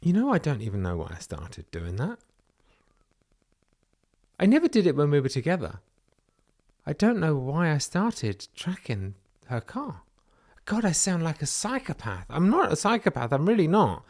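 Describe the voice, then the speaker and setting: A man's voice: fairly high pitch, huge pitch swings, moderate pace, long pauses, darkish tone. A British man talking candidly in a personal vlog, confessional and a little nervous, often asking himself questions aloud. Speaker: vlogger.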